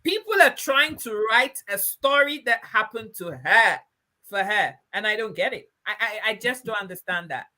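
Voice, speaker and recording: Bright, emphatic woman host. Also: medium pitch, lively intonation, moderate pace. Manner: emphatic, affirming. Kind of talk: casual chat.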